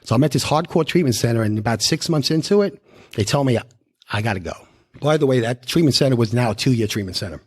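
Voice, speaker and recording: A man's voice: medium pitch, fast talker, husky. New man telling his recovery story. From New York. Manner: animated storytelling, acting out dialogue. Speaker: recovery meeting speaker. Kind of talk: personal recovery story told live. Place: live speaker meeting.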